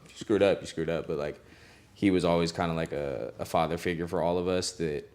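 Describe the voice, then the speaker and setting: A young man with a low voice, fairly quick, recounts stories during a casual interview about his work as a recording engineer. He's at ease, breaks into laughter a lot, and uses plenty of "like" and "you know."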